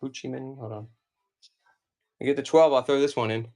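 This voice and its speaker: A man in his forties chats loosely while he runs a live comic auction. His voice sits in an ordinary middle pitch, and he wanders from thought to thought, full of "like" and "you know". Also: steady tone, moderate pace, dark tone. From United States. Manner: rambling and chatty, many fillers. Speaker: live-stream comic seller. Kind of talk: casual live-stream auction chat.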